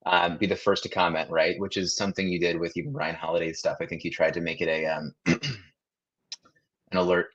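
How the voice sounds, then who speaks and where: A man with a very low voice co-hosts a live stream chat, coming through a slightly dull, lo-fi call line. He poses questions to his co-host and reads viewer comments aloud. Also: little pitch movement, a little fast, a bit bright. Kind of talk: casual livestream chat.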